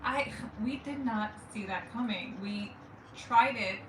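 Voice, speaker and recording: A St. Louis woman in her forties co-hosts a watch party, chatting casually in a giggly, rambling way and interrupting herself. Her voice is on the high side, slow, and a bit bright. A distant mic picks up a roomy, noisy recording.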